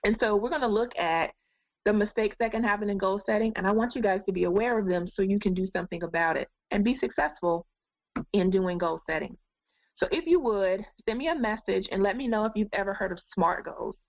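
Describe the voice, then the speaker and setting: A woman's voice: medium pitch, a little fast, no room sound, muffled recording. A woman life coach giving an encouraging goal-setting webinar, talking straight to her viewers. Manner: encouraging, addresses viewers directly.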